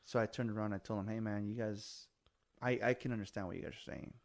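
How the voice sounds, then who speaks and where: A man's voice: on the low side, fairly even intonation, fast talker, vocal fry. A man in his forties hosting a casual chat, telling stories animatedly and swearing freely, with bits of Spanish. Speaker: podcast host.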